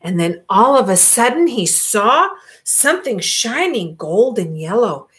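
An older woman reading a children's storybook aloud in an animated, expressive way. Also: medium pitch, measured pace.

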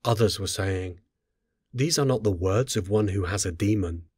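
A man reading scripture aloud in a solemn, measured, unhurried way. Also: on the low side, darkish tone, slightly rough, no room sound, clean studio sound. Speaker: scripture reader.

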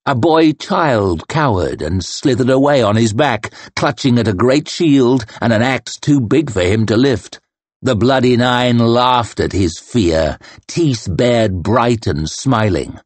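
A man reading a fantasy audiobook as narrator in a slow, measured manner. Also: mid-range voice, animated, no echo. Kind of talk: scripted narration.

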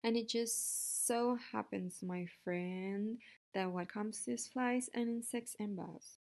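A woman voicing a calm, clever female spider in a storybook read-aloud, matter-of-fact and measured. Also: mid-range voice, creaky. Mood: firm.

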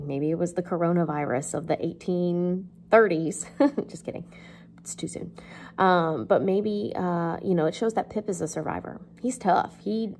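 A woman English teacher walks through a novel in a relaxed, chatty way, with plenty of "um"s and "you know"s. Her voice sits fairly low and carries a gravelly fry, and faint ambient noise hums behind it. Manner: chatty, lots of fillers, jokes. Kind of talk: casual literature lesson.

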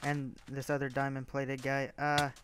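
A man's voice: medium pitch, monotone, normal speed, a bit bright, slight background noise. A young man chatting casually while gaming, mostly mumbly and wry, with sudden laughing outbursts. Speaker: gamer. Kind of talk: casual gameplay chat.

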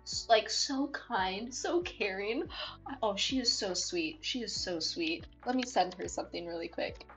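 A bubbly young woman chatting with viewers on her stream, voice at an ordinary middle pitch and full of feeling. She rambles cheerfully and giggles often, with faint music playing behind her. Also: animated, measured pace, fairly bright tone. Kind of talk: casual live-stream chat. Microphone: desktop mic, no webcam.

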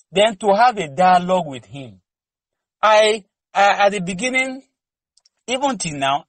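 A man's voice: high voice, no room sound, low-quality recording. A man preaching to a congregation, exhorting fervently with rhetorical questions and candid personal stories. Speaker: lay preacher. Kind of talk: preaching teaching session.

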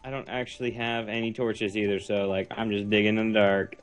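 A man's voice: fairly low pitch, level tone, a little fast. A young man from New England with a nasal voice and a New England American accent, chatting and giggling through a co-op game as a guest. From New England, United States. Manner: giggly and self-deprecating, rambling. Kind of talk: casual gaming chat.

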